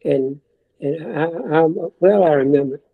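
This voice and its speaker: A man in his seventies from the American South giving a personal testimony, earnest and halting, with frequent restarts. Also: on the high side, creaky, narrow, tinny audio. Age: 70s. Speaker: church member giving testimony.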